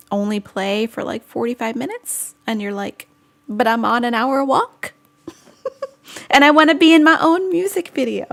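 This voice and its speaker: A woman's voice: medium pitch, fairly bright tone. A woman vlogger hosting a casual live-stream chat, chatty and giggly as she answers viewer comments.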